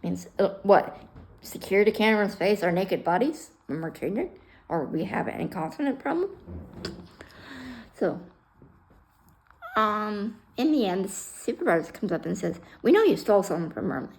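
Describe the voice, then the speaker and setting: A woman's voice: medium pitch, animated, moderate pace, creaky, long pauses, a little hiss or hum, rough recording. A woman casually telling a personal story on her vlog, blunt and heated, swearing freely and sometimes dropping almost to a whisper.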